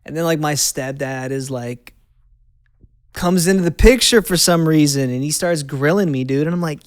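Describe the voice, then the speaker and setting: A man's voice: on the high side, normal speed, dry recording, studio quality. A man, hosting and candidly telling his personal testimony in a conversational way, repeating phrases for emphasis. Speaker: host.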